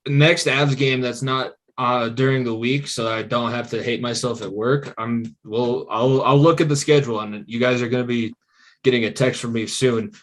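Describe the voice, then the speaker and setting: A man's voice: mid-range voice, steady tone, moderate pace. A man hosting a casual podcast interview, talking in a friendly, rambling way with restarts. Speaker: podcast host.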